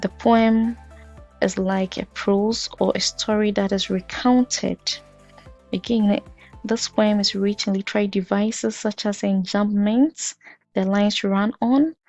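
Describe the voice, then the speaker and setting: A woman teaching a poetry lesson for exam students, explaining step by step in a measured way with occasional fillers. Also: mid-range voice, fairly even intonation, darkish tone, dry recording. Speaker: literature teacher. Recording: dull lo-fi audio with faint music.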